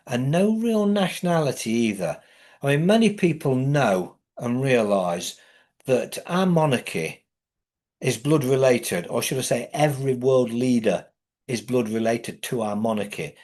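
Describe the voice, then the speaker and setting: A man's voice: medium pitch, darkish tone. A middle-aged English man with an English accent, ranting in a profane monologue that often swells into emphatic outbursts. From England. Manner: swearing often, heated, rising into emphatic outbursts.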